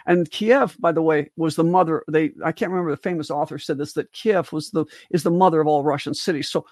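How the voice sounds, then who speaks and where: A woman's voice: deep voice, fast, a little mellow, no room sound, studio quality. An older woman, a physician co-hosting a livestream discussion, talks in long rambling stretches full of restarts and asides, rising with emphasis on key points. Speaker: co-host physician.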